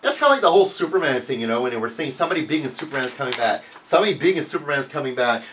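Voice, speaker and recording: Animated, profanity-heavy male vlogger. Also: very fast, few pauses, distant mic, slight background noise. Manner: swears a lot, mocks with loud high outbursts. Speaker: vlog host answering viewer questions. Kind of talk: casual profane rant to camera.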